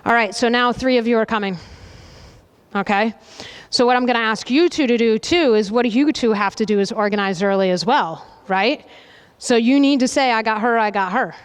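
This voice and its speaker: A woman coach runs a hands-on goalkeeping demo, her higher, clear, resonant voice ringing through a large indoor hall with a long echo. She gives brisk, directive instructions, keeps checking in with "okay?", and calls commands out loudly. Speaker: soccer coach running a goalkeeping demonstration. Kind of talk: on-field coaching demonstration. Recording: reverberant hall, voice from a distance.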